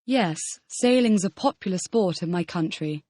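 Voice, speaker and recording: A woman's voice: fairly low pitch, animated, moderate pace, mellow, no room sound, studio quality. A woman reading the model answers in a scripted audio language lesson, repeating each question as a full-sentence answer. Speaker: model student answering drills.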